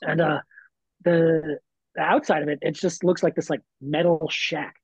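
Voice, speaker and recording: A man's voice: on the high side, fairly even intonation, normal speed, creaky, slightly rough, no room sound, lo-fi sound. A man, a wrestler guest on a podcast, telling stories in a laid-back way with lots of fillers. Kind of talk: casual podcast chat.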